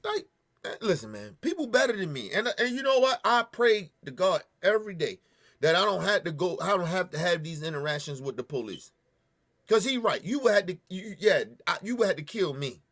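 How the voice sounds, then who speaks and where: A man's voice: high-pitched, very animated, a little fast, fairly bright tone. A man hosting a show, angrily ranting and cursing as he reacts to a news clip, sniffling at times. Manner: angry, profane, ranting. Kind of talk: heated commentary.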